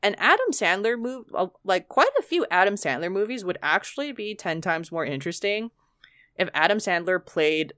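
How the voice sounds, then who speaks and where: A woman's voice: medium pitch, lively intonation, normal speed, a bit bright, smooth, no echo, clean studio sound. A woman chatting casually on a podcast, blunt and swearing often, with plenty of fillers.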